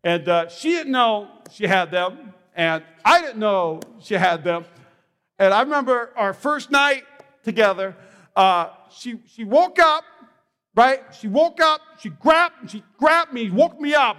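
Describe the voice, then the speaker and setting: A man's voice: extremely high pitch, expressive, normal speed, a bit bright. A man preaching a sermon as pastor, telling stories with animation and restarting his words as he goes. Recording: long hall reverb.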